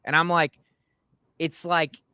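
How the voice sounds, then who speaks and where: A man telling stories in a casual chat, animated and growing heated when riled. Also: fairly high pitch, slow pace, clear, resonant tone, no echo, studio quality.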